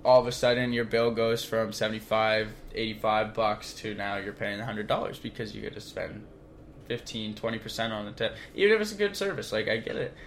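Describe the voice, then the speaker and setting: A young man co-hosting a podcast, chatting casually in an excitable, slangy, rambling way. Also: lowish voice, fairly quick, a little hiss or hum. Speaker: podcast co-host. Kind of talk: casual chat.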